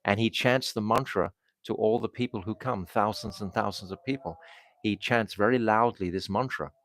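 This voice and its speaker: A man giving a storytelling sermon as a swami, pausing and restarting as he talks. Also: on the low side, fairly bright tone. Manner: halting, with restarts and fillers. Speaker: swami giving a spiritual talk.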